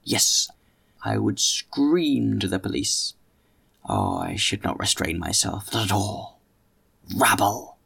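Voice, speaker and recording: A man voicing a fickle, passionate, gossipy young woman in an audiobook, speaking slowly and drawing out his words. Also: lowish voice, huge pitch swings, gravelly, a bit bright, breathy edge, exaggerated voice. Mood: vehement. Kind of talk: audiobook character reading.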